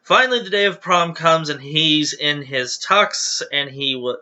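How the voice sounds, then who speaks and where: Bright-voiced man reading jokes, giggly. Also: a little high, lively intonation, measured pace, muffled recording. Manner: chatty, giggly, self-deprecating asides. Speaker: channel host reading viewer jokes. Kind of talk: casual reading aloud to camera.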